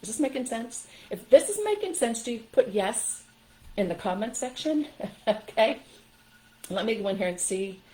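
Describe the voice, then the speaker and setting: A woman's voice: on the high side, big pitch swings, moderate pace, mellow, low-quality recording. An older woman giving firm, emphatic parenting advice straight to her viewers in a casual livestream talk.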